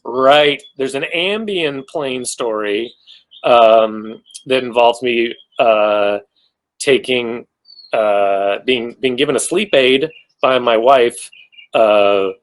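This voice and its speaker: Speaking slowly in a mid-range voice over poor audio, a male actor fields fan questions during a video-call panel. His answers ramble, full of fillers and jokes at his own expense.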